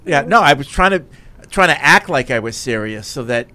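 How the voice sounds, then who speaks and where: Teasing, animated man with a lively voice. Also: on the high side, normal speed. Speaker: podcast co-host. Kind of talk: casual sports chat.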